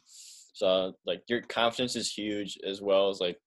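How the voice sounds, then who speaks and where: A man's voice: low-pitched, steady tone, measured pace. A man hosting a sports podcast, chatting casually and saying "like" often. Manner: casual, heavy use of "like". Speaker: podcast host.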